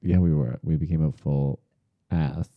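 A man with a very low voice tells stories in a loose, animated way, full of "like." He is from Long Island and talks as a podcast co-host. The sound is dry and a touch dull. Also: a little slow, dry recording. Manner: animated storyteller, lots of "like". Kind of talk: casual chat.

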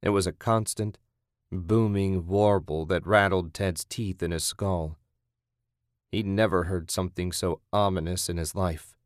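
A man reading a horror story aloud in a steady, measured narration. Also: low-pitched, dry recording, clean studio sound. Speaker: audiobook narrator.

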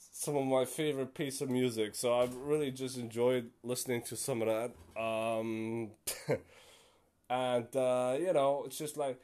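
A man's voice: mid-range voice, a little mellow. A young man hosting a casual solo podcast, rambling and self-deprecating with many fillers. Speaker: podcast host.

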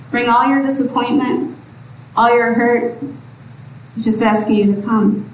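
A woman's voice: a little high, steady tone, moderate pace. A woman preacher giving a sermon in an earnest, pleading way that rises to exhortation. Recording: echoey room from far off, faint background noise.

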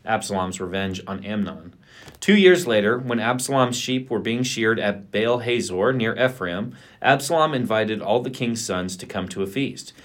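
A man co-hosting a podcast, reading scripture aloud in a steady, plain way. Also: on the low side, moderate pace. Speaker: podcast co-host.

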